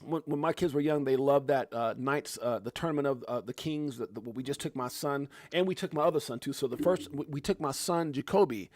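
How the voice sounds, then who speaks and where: A man's voice: mid-range voice, brisk, hardly any pauses, darkish tone, dry recording, clean studio sound. A man in his forties hosting a livestream, casually reading out and answering viewer comments, laid-back and chatty. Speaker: livestream host.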